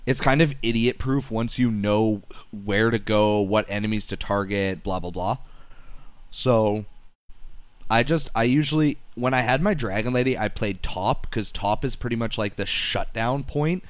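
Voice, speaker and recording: A young man talks through a game in an easy, rambling way, doubling back on his words with plenty of fillers. His voice sits a little low, and it comes over an online voice call with a dry, close sound. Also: a little slow, no echo. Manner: rambling, lots of fillers and restarts. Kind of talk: casual gaming chat.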